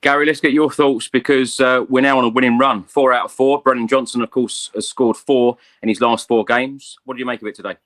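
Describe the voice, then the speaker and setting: A man hosts a football podcast, briskly steering the talk from guest to guest. His voice sits in a plain middle range. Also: mid-range voice, steady tone, a bit bright. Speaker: podcast host. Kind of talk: hosting casual football chat.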